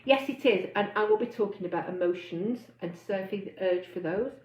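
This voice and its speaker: A woman's voice: mid-range voice, a little fast. Woman coach chatting live online, reads comments, acts out voices, echoey and a bit muffled. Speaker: weight-loss coach. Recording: roomy, slightly dull sound.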